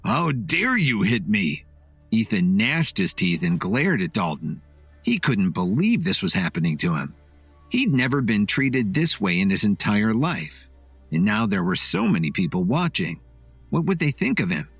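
Expressive man narrating a story. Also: fairly low pitch, normal speed, husky, no echo, soft background music.

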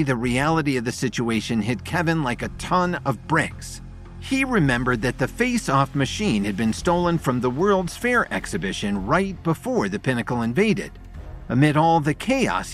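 A man narrating a dramatic story in an expressive storytelling voice. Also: medium pitch.

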